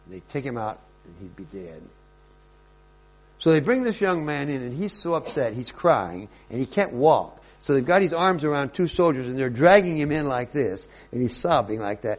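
Husky, animated male preacher. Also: medium pitch, moderate pace, dull audio. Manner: storytelling, lively and emphatic. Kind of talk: sermon.

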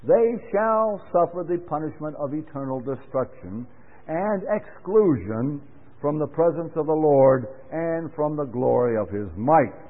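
A man giving a Bible class talk in an earnest, deliberate sermon style, stressing key words with sudden rises. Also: on the high side, expressive. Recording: phone-like sound with long reverb in a hall.

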